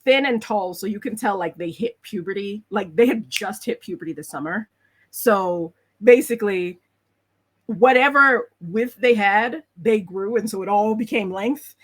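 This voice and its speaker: A woman's voice: mid-range voice, a little slow, breathy edge. Woman narrating a tabletop game. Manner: lively storytelling with many fillers. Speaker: game master.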